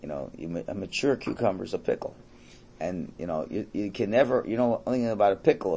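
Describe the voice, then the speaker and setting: A man's voice: sits low, fast talker, gravelly, warm tone, highs cut off, a little hiss or hum. A man teaching a Torah class, telling Hasidic stories in a conversational way. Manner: storytelling, conversational, quotes characters.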